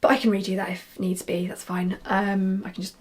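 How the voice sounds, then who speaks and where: Speaking a little fast in a monotone, this young woman has a medium-pitched, slightly mellow voice. She's a knitwear designer and podcaster, rambling chattily about her knitting, often saying "um" and starting over.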